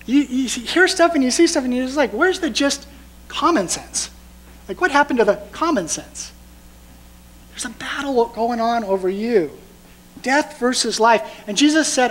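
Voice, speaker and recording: A male pastor with a notably high voice, preaching a sermon. He talks conversationally but with emphasis, and keeps firing rhetorical questions at the congregation. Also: animated, normal speed, a bit bright, low-quality recording.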